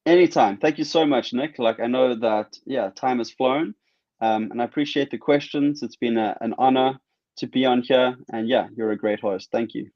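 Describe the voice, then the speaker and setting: A man in a casual interview, talking fast and excitedly, with his thoughts running into each other. The sound is dull and a bit muffled, and it is dry and close, with no room echo. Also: medium pitch. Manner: animated, rambling, excitable. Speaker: guest artist.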